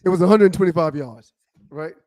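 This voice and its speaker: A man with a high voice co-hosts a sports podcast. He talks casually, brags and spins stories with deadpan humor. The recording is dry and close to the mic. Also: fairly quick, no echo. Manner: boastful, storytelling, deadpan jokes. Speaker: podcast co-host. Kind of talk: casual sports talk banter.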